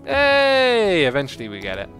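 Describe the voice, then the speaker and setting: A man giving casual, chatty livestream commentary while building a city in a game, reacting out loud to it and answering chat. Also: medium pitch, expressive. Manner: chatty, talks to the game and to chat, quick exclamations. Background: faint background music.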